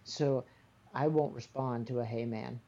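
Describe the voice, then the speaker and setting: A man's voice: mid-range voice, fairly even intonation, unhurried, warm tone, highs cut off. A man in casual chat, explaining his pet peeves in a matter-of-fact way.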